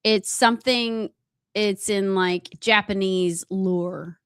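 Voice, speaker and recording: A woman's voice: medium pitch, steady tone, slow pace, a bit bright, smooth, no echo, clean studio sound. A woman co-hosting a talk show, giggly and rambling as she chats. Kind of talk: casual chat.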